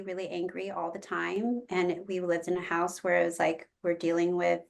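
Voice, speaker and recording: A woman's voice: mid-range voice, creaky. A woman in casual podcast chat, openly and reflectively telling a story about her parenting. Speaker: podcast guest.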